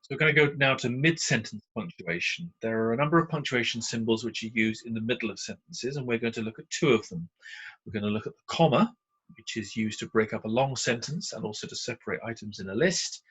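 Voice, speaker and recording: Patient husky British male teacher. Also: mid-range voice, quick pace, a bit bright, rough recording. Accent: British English. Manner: patient, explanatory, frequent "uh" fillers. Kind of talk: recorded slide lesson.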